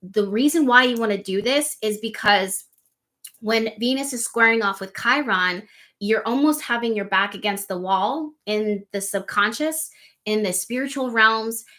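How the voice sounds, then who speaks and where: Bright-voiced woman astrologer on a live stream. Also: on the high side, measured pace. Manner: conversational, full of rhetorical questions, reads viewer comments.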